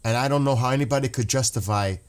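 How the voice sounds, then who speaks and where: A man talking off the cuff to his livestream viewers, impassioned and openly emotional. He rambles, restarts his sentences and swears when upset. His voice sits at an ordinary middle pitch. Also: fast talker, clean tone. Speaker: livestream host. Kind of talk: casual livestream commentary.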